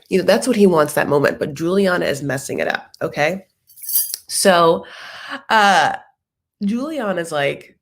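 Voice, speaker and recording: A woman hosting a casual TV recap, talking in an animated, sassy, chatty way. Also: deep voice, moderate pace. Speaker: host.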